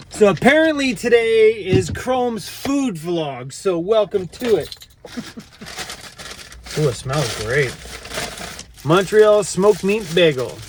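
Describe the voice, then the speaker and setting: A Canadian man vlogs casually, upbeat and energetic, cracking jokes as he goes. His voice is a little high, and the background is noisy.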